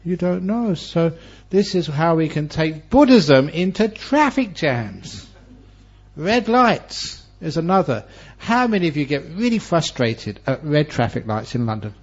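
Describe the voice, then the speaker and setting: Animated male monk giving a Dharma talk. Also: a little high, measured pace, slightly rough. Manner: animated storyteller with humor and varied delivery. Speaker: Buddhist monk teacher. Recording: dull lo-fi recording.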